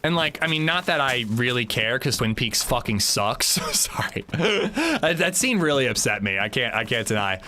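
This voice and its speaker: A man's voice: mid-range voice, sing-song, moderate pace, hardly any pauses, pushed and bright, slight background noise. A man streaming a video game live, chatting casually and bluntly to his viewers, rambling with swearing and restarts. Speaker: gaming livestreamer. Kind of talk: casual live gameplay chat.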